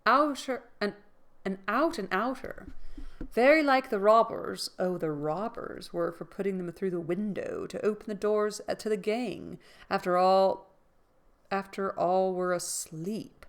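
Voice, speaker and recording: A woman voicing a gruff, loud male servant who accuses and threatens while reading a story aloud. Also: mid-range voice, a little slow, lightly acted. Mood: accusing.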